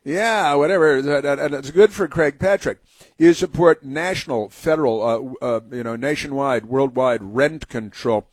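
A man's voice: medium pitch, unhurried, no echo. A man hosting a radio talk show, delivering a sarcastic, rambling opinion monologue with many fillers.

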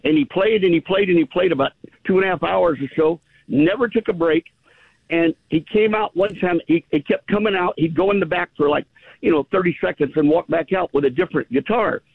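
A man's voice: high-pitched, fairly quick, vocal fry, slightly rough, no echo. A middle-aged man with a slight Southern accent, calling in to a radio show and telling a rambling, enthusiastic story. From California, US. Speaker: caller. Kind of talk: phone-in chat. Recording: tinny phone line.

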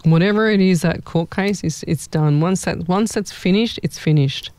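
Chatty psychic medium, mellow voice. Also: medium pitch, normal speed, clean tone, dry recording. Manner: chatty, rambling, thinks aloud. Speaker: psychic medium hosting a live stream. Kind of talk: live-stream reading, casual chat.

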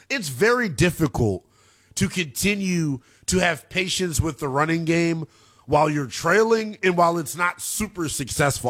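Guy hosting late night sports radio, talks fast through stats, kinda high voice. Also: a bit bright.

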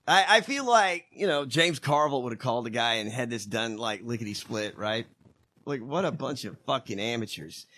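A man's voice: medium pitch, expressive, moderate pace, bright, forceful tone. A man co-hosting a casual comedic talk show, sarcastic and profane. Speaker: podcast co-host.

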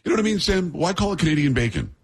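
Hosting a radio talk show, a middle-aged man keeps things loose and jokey, bantering easily with his sidekick between segments. He has a slightly husky voice pitched on the high side and delivers it rapid-fire.

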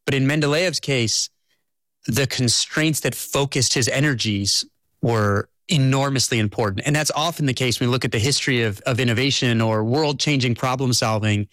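Man, author guest, measured explainer, dry close sound, mid pitch. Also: fairly bright tone, no room sound. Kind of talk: conversational interview.

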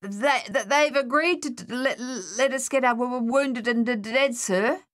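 A woman's voice: medium pitch, lively intonation, slow pace, voice pushed up. A woman voicing a shy young male soldier who stammers, raising her voice well above her own. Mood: halting. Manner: stutters on words.

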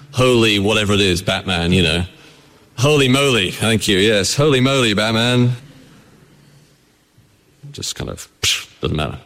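A man with a lowish voice preaches a sermon in a church. His delivery is conversational, full of rhetorical questions to the congregation. A long hall reverb trails each phrase. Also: a bit bright. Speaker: pastor.

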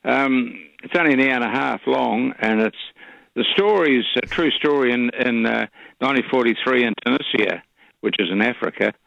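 A man, a regular caller chatting on radio in a rambling, halting way with many fillers. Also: mid-range voice, gravelly, a bit bright, no room sound. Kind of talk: casual radio chat. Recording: dull lo-fi radio audio.

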